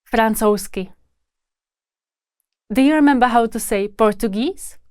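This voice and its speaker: A woman language teacher who speaks slowly and carefully, saying each word twice in a lesson drill. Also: fairly high pitch, a little mellow, clear, resonant tone, dry recording, clean studio sound.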